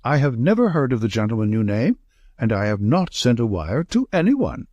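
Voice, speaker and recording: A man reading as a pompous, indignant clergyman of large build, talking down from his study. The reading is close and dry, with pitch that swings widely. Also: sing-song, brisk, a little mellow, no echo, lo-fi sound.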